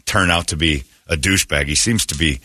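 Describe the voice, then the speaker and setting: A man hosting a morning radio show, joking loudly and irreverently with his co-hosts in casual banter. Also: extremely low pitch, brisk, no echo. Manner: loud, jokey and irreverent, swings into put-on quote voices. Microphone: studio microphone. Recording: dry radio studio.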